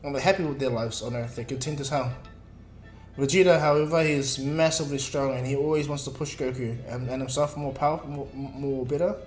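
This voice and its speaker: A man's voice: mid-range voice, fairly even intonation, a little fast, echoey room, faint music behind. A man casually retelling a fan-made story, rambling with lots of fillers and self-corrections. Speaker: video creator.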